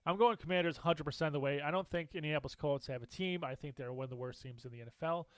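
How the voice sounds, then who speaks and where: A man with a fairly high voice talks sports picks in a casual, animated way. He is opinionated and laughs easily. His voice sounds dry and close to the mic, with no room sound. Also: quick pace, dry recording. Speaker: co-host.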